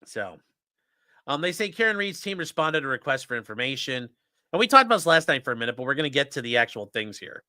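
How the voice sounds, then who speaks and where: A man's voice: medium pitch, big pitch swings, fast talker, bright, forceful tone, no echo, studio quality. A man hosting a casual livestream, ranting sarcastically and with profanity while reading out and mocking legal filings. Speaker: host.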